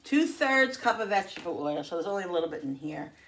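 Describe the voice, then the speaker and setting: A woman talking casually to the camera in her home kitchen, chatty and quick to vent when annoyed. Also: lowish voice, noisy background. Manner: chatty, animated, prone to exasperated venting. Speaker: home cooking vlogger.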